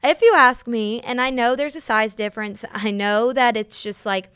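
A woman's voice: on the high side, fairly even intonation, normal speed, fairly bright tone, clear, resonant tone, no room sound, clean studio sound. Blunt young woman ranting about sports. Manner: blunt, opinionated, many ums. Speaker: podcast host. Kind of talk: casual sports opinion rant.

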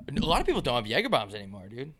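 A man co-hosting a casual podcast, ranting loudly and swinging his voice up and down as he jokes. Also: rapid-fire. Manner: loud, animated ranting with big pitch jumps. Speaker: podcast co-host.

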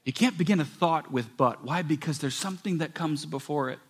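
A man preaching a sermon as pastor, swinging between loud emphatic passages and soft, hushed ones. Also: on the high side, fairly quick, breathy edge.

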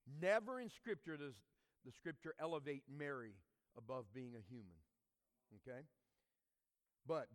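A male pastor preaching a sermon, moving between loud emphatic lines and quiet asides. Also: a little high, expressive, normal speed, pauses often, big-room sound. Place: church sanctuary.

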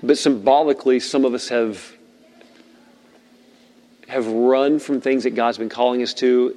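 A man's voice: mid-range voice, steady tone, measured pace, warm tone. A male pastor preaching a sermon, emphatic and playful, with joking asides and repeated phrases.

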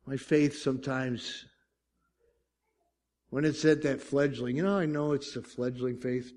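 A middle-aged man preaching a sermon as pastor, swinging between loud, fast stretches and quiet, drawn-out ones, often asking the congregation "Amen?". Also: medium pitch.

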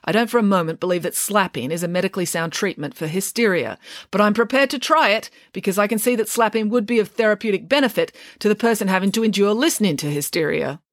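A woman's voice: medium pitch, fast talker, no room sound, studio quality, voice pushed up, close to an everyday voice. A woman reading aloud, voicing a fussy, logical schoolgirl detective who speaks precisely and pedantically. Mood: lecturing. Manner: precise, pedantic, matter-of-fact.

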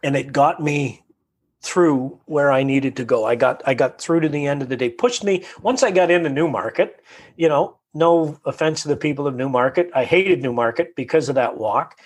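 A man tells a long personal story in an easy conversational way, his voice slightly husky and pitched a little high for a man. He gets animated and acts out the thoughts running through his head. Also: normal speed. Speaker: guest telling his story.

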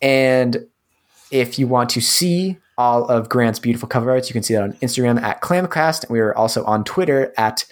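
A man's voice: mid-range voice, moderate pace. A man hosting a podcast, chatting casually and reading the outro. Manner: easygoing, reads the show outro. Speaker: podcast host. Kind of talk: casual chat.

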